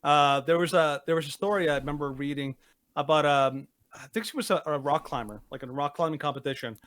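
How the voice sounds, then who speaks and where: A man's voice: on the high side, fairly quick, a bit bright, no echo. A man co-hosting a podcast, talking casually and emphatically, often searching for his words. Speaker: podcast co-host. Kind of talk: casual opinionated chat.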